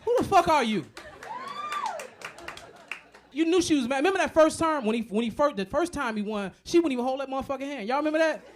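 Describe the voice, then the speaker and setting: A man doing a stand-up comedy set, profane and animated, acting out the voices of other people. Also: very high-pitched, racing, few pauses, a crowd in the background, noisy background.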